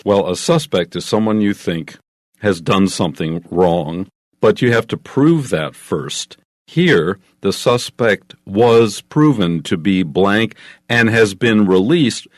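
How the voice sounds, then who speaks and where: A man teaching English in a measured, explanatory way, walking through each answer with small examples. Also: fairly low pitch, animated, dry recording, studio quality.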